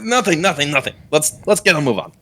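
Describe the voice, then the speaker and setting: A man's voice: a little high, animated, sharp tone, pitched above the performer's own voice, heavily acted. A man voicing a hot-headed, blustering male ship captain. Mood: placating. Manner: blustering, quick to back down.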